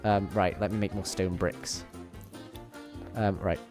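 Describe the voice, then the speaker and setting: Over music, a young man talks slowly in a low, steady voice while gaming on stream in his bedroom. His chatter to viewers is casual, playful, and wandering.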